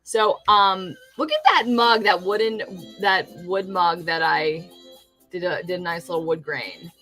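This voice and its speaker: On a livestream, a Californian woman who streams and makes fake food shows off her crafts, chatting casually and rambling with lots of restarts, clearly delighted by her own work. Her fairly low voice moves a little slowly, with a bright, forceful tone, and faint music plays behind her.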